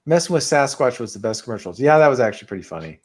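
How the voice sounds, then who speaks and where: A giggly man co-hosting a casual podcast, rambling from one thought to the next. His pitch swings widely, with a lot of life in it. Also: sing-song, very fast. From Pacific Northwest. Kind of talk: casual chat.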